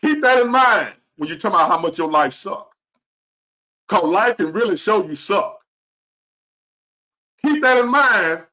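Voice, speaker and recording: A man's voice: high-pitched, lively intonation, measured pace, long pauses, pushed and bright. A man in his fifties giving a blunt, profane, preachy motivational rant to the camera. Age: 50s. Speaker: vlogger.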